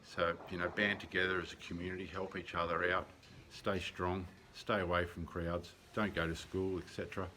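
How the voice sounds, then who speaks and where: A low-pitched Australian man in middle age talks through his daily video diary in a loose, earnest way, full of ums and the odd blunt curse. The home recording carries steady background noise behind his voice. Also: a little fast, hardly any pauses. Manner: rambling and earnest, many ums, blunt and sweary. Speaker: vlogger keeping a lockdown diary.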